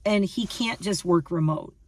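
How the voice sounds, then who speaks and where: A woman's voice: fairly low pitch, moderate pace, darkish tone, no room sound, far from the mic. A woman in her fifties talking casually to her viewers, emphatic and repetitive, often restarting her sentences. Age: 50s. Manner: emphatic, repeats herself, restarts. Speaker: lifestyle vlogger. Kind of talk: casual rambling monologue to camera.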